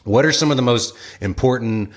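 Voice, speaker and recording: A man's voice: mid-range voice, fairly quick. A man hosting an interview, talking in long, rambling sentences full of "you know" as he searches for his phrasing. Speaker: host. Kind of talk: casual chat.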